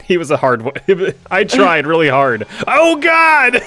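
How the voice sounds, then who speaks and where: A man's voice: a little high, animated, moderate pace, a bit bright, soft background music. A man streaming a video game, chatting casually with friends and chuckling often. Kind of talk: casual let's-play chat.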